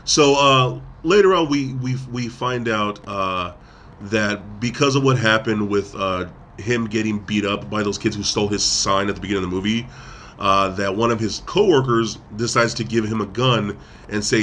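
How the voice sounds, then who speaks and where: A man's voice: lowish voice, normal speed, fairly bright tone, slight background noise. A man co-hosting a podcast, casually retelling a film's plot with lots of fillers and restarts. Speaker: podcast co-host. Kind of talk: casual film review chat.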